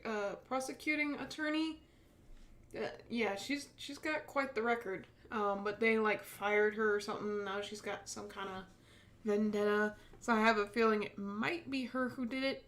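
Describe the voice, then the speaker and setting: Young female streamer, casual giggly commentary, slightly high voice. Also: fairly even intonation, normal speed. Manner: chatty, giggly, full of fillers and restarts. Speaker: game streamer. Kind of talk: casual let's-play commentary.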